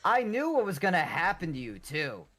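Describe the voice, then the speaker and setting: A man's voice: sits high, wildly swooping pitch, normal speed, fairly bright tone. A man chatting casually while gaming with a friend, rambling and playfully sarcastic. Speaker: co-op gaming partner.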